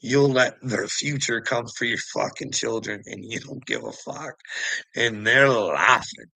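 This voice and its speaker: A man's voice: medium pitch, a little slow, creaky, sharp tone, dry recording, rough recording. A man ranting in a casual vlog. He swears a lot, mocks people, and laughs between his lines. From Canada. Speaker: vlogger. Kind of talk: casual rant.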